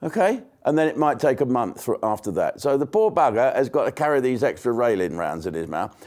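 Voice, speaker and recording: An older man tears into his subject in a blunt, foul-mouthed comic rant. His pitch sits in the ordinary middle for a man, and he breaks into asides and restarts as he goes. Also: big pitch swings, fairly quick, a little mellow. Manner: blunt, sweary, mocking, with many restarts and asides. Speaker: comedian hosting his own online show. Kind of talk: ranting comic monologue.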